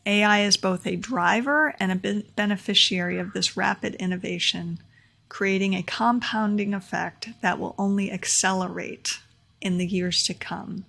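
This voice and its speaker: A woman's voice: mid-range voice, fairly even intonation, normal speed, vocal fry, fairly bright tone. A young adult woman vlogging her takeaways in a casual, earnest explainer, repeating key points for emphasis, recorded at home. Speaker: vlogger sharing talk takeaways. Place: home room near a window.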